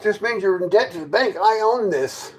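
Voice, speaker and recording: A man livestreams from inside his fifth-wheel trailer, talking to viewers and sarcastically arguing with and mocking his chat. His high voice is animated with a breathy edge, at normal speed, on a rough recording.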